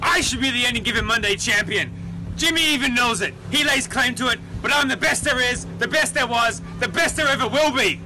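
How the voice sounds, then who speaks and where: A man's voice: very high-pitched, brisk, sharp tone, slight background noise, exaggerated voice, rough recording. A man playing an aggrieved, boastful wrestler cutting a mock promo, in blustering trash talk. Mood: ranting. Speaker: league member in a video submission.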